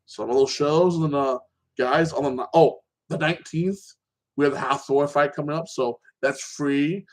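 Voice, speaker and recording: A man hosting his own show, chatting casually about TV shows and an upcoming fight, rambling and excitable, tagging "like that" onto his sentences. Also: a little high, moderate pace. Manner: animated, excitable. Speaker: show host.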